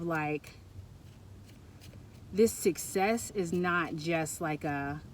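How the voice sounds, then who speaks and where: A woman giving a pick-a-pile tarot reading, talking in a rambling, halting way that often turns emotional, recorded on a Bluetooth mic. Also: lowish voice, slight background noise. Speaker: tarot reader.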